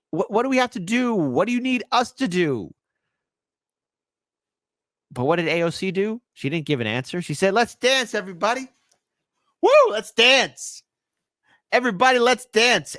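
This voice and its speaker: A man's voice: mid-range voice, a bit bright, dry recording, clean studio sound. A man hosting a political commentary stream, reacting sarcastically to clips and reading viewer comments aloud.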